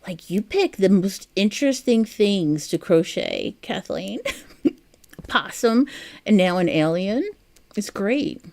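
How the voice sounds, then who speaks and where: A woman's voice: medium pitch, expressive, slow pace, gravelly, darkish tone. A woman chatting casually while she crochets on a livestream, reading out viewer comments, chatty and easily amused. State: has the hiccups.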